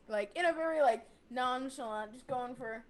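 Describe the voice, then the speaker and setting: A woman's voice: sits high, normal speed. A woman playing in a tabletop game, chatting and rambling. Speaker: player.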